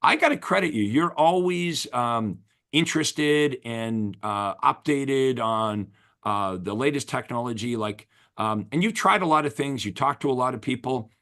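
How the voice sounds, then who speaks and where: An enthusiastic man coaching real estate agents in a casual interview chat. His voice sits at an ordinary middle pitch, and he talks with emphatic, motivating energy. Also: expressive, a little slow, fairly bright tone.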